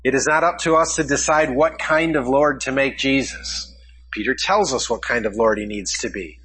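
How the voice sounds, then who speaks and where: A man's voice: medium pitch, steady tone, normal speed, a bit bright, slightly rough, poor audio. A man preaching a sermon, asking his congregation questions as he teaches from a passage. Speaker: pastor.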